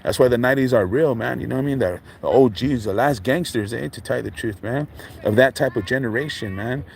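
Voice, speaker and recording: A middle-aged man with vocal fry talks quickly at a medium pitch on a livestream, with faint background noise. His laid-back street slang is constantly laced with fillers like "man" and "dog."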